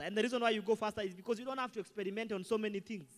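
Animated pastor preaching in a hall. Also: male voice, high-pitched, very fast. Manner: animated, swings from quiet asides to loud shouted mimicry. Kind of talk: sermon.

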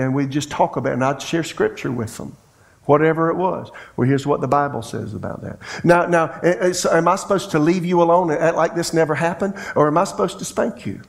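Folksy middle-aged preacher, storytelling. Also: male voice, fairly high pitch, fairly quick, gravelly. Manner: folksy storytelling preacher who acts out dialogue. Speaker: pastor. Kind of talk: sermon.

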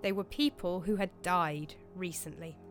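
A woman voicing a calm, worldly medieval priest who tells his tale in a measured way. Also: fairly low pitch, faint music behind, close to an everyday voice. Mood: storytelling.

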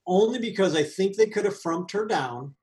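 Animated man chatting about a movie. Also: high-pitched. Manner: animated, laughing, quick asides. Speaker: podcast co-host. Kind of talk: casual movie review chat.

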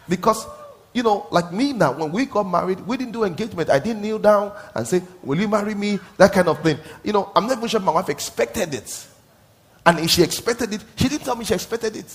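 A middle-aged male pastor preaching a sermon, swinging from soft asides to loud, emphatic exclamations and asking the crowd to answer back. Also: sits high, animated, a little fast, slight background noise.

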